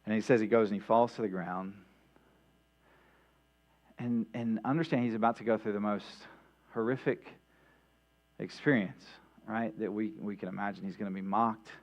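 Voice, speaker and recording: A pastor preaches a midweek sermon in a church, speaking conversationally with many "right?" asides and restarts. His fairly low voice is fairly even in intonation, at normal speed with frequent pauses. The recording is dull and lo-fi with mains hum.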